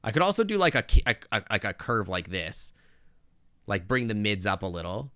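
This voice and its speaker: A man's voice: fairly low pitch, sing-song, a little fast, sharp tone, no echo. A male game streamer chatting casually with his viewers on a close desk microphone, thinking aloud with lots of restarts and asides.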